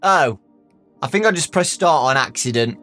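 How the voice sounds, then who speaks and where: A young man giving excitable let's-play commentary, shouting and laughing as he plays, over game music. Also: on the high side, moderate pace. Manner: excitable, loud exclamations, giggly, talks to viewers as "boys". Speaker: gaming YouTuber.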